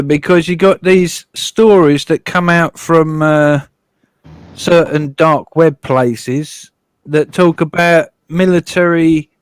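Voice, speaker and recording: A man in casual chat, musing and speculating in a measured way. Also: fairly high pitch, a little hiss or hum.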